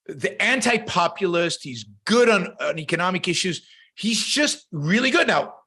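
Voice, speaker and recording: A man's voice: fairly high pitch, pushed and bright. Emphatic, opinionated male show host. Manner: opinionated, emphatic, many fillers and restarts. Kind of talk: casual livestream commentary.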